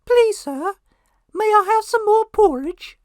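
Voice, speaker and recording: A man voicing a prim, polite little English boy with an English accent and a high, piping voice. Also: animated, takes it slowly, no room sound, studio quality, exaggerated voice.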